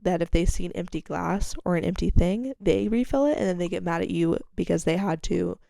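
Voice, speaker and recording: A young woman spinning a casual story for her podcast, with a gravelly fry running through a dark, relaxed tone. She talks candidly, swears freely and leans hard on "like", and her voice leaps up when she quotes someone. The sound is close and dry, with no room around it. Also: fairly quick, no room sound. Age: young adult. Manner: chatty and candid, swears freely, heavy use of "like"; animated when quoting others, with sharp jumps in pitch and loudness. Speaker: podcast host.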